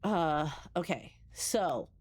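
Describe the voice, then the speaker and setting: Drawing out her words in a low, slightly mellow, animated voice, a New Jersey woman streams a game. She talks freely to her viewers in a casual way, swearing and frequently restarting.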